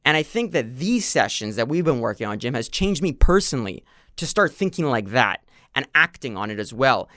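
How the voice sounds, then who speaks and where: A man's voice: mid-range voice, sing-song, moderate pace, bright, forceful tone, no room sound, clean studio sound. A man talking casually on a podcast, telling a story and acting out the quoted exchanges. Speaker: podcast guest. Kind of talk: casual conversation.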